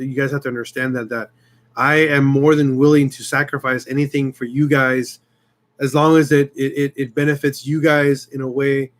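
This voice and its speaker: A man's voice: mid-range voice, a bit bright. A man hosting his own channel, talking casually and heartfelt to his viewers, getting emotional and restarting often. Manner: rambling, heartfelt, many restarts. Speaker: YouTube channel host. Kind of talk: casual live-stream chat.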